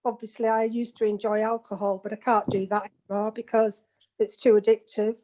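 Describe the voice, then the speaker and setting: A woman's voice: mid-range voice, level tone, brisk, dark tone, a little hiss or hum. A woman from England chatting on an online meeting call, a giggly storyteller. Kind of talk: casual video call chat. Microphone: video call.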